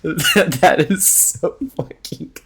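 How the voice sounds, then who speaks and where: A man chatting casually as game master before a tabletop session. He talks slowly, his pitch bouncing around a lot, and he laughs and curses freely. A faint hiss sits behind him. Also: wildly swooping pitch. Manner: laughs often, swears freely. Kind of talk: casual pre-session chat.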